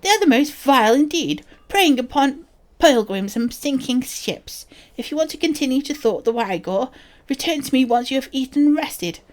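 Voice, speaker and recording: A woman's voice: fairly low pitch, huge pitch swings, normal speed, soft background music. A woman voicing a formal fantasy enchanter who gives quests.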